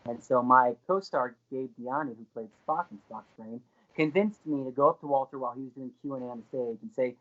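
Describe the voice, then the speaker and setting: A man guest on a podcast, telling an anecdote in a lively way and laughing along as he goes. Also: medium pitch, brisk, narrow, tinny audio. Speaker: guest, actor.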